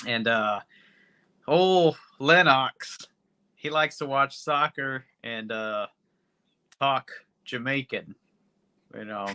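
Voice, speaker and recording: Bright, unhurried podcast man. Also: mid-range voice, clear, resonant tone. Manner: laid-back, rambling plot recap. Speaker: podcast co-host. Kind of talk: casual movie review chat.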